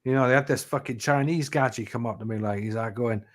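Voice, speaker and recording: A man's voice: medium pitch, fast talker. A man telling stories in a casual chat, rambling and swearing freely with lots of "you know". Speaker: live chat host.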